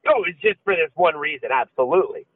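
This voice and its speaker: A man's voice: a little high, animated, fast, no room sound. A man co-hosting a podcast, telling a story with lots of swearing and laughter in casual chat. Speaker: podcast co-host. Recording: dry, phone-like lo-fi sound.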